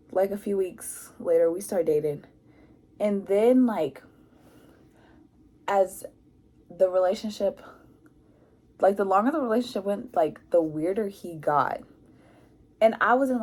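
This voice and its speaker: Chatty young woman with a mellow voice. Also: fairly low pitch. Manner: animated, acts out quotes with lots of "like". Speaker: vlogger. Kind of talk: casual storytime.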